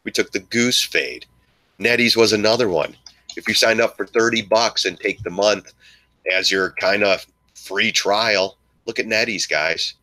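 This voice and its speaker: A man giving excitable live stock market commentary to his viewers, joking and swearing as he goes. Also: fairly low pitch, measured pace. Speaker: stock trading streamer.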